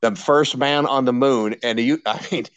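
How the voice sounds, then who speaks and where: A man's voice: mid-range voice, normal speed, dull audio. An older man and veteran radio personality, telling candid stories in an interview, with many restarts and acted-out quotes. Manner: animated anecdotes with many restarts and quoted dialogue.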